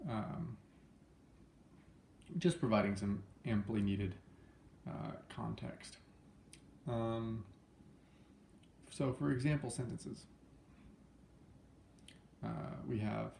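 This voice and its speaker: A young man with a low, gravelly voice gives a laid-back spoken lesson, stopping often to correct himself. His tone is dark and mellow. The sound bounces around an echoey room, with a faint hiss underneath. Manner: loose and chatty, many fillers and self-corrections. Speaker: language teacher.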